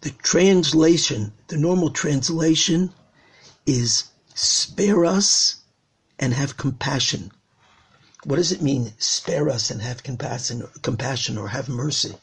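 A man's voice: mid-range voice, takes it slowly, husky. An older man, a rabbi, giving an earnest recorded talk on prayer, repeating phrases as he pleads. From Israel.

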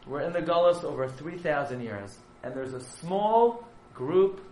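A man who is a yeshiva rabbi, telling a story as a sermon, dramatic and surging from hushed to loud. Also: a little high, expressive, measured pace, reverberant, slight background noise, rough recording.

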